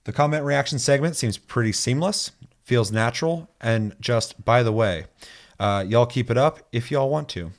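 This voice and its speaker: A man's voice: medium pitch, moderate pace. A young man hosting a gaming podcast in casual chat, reading listener comments aloud and telling stories with plenty of swearing. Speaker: podcast host.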